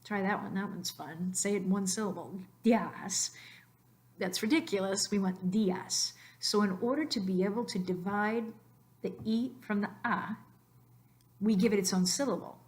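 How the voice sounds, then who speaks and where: A woman narrating a slide lesson on Spanish phonetics, explaining patiently and slowing down to stress key words. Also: mid-range voice. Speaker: Spanish teacher.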